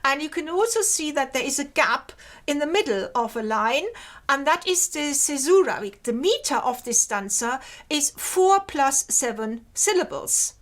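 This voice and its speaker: Slow, high-voiced woman lecturing. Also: lively intonation, a bit bright. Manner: measured, explains step by step, pointing at slides. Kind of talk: academic lecture over slides.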